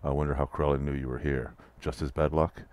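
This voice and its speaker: A man's voice: a bass voice, flat delivery, fairly quick, a little mellow. A man reading the lines of a cultured, gallant and confident male pirate captain with courtly, formal speech.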